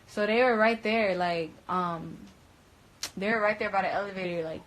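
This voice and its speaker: A woman's voice: mid-range voice, normal speed, a bit bright. Young woman telling a story in slangy, rambling talk. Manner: slangy, profane, rambling, with frequent fillers. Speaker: storyteller recounting events. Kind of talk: casual storytelling.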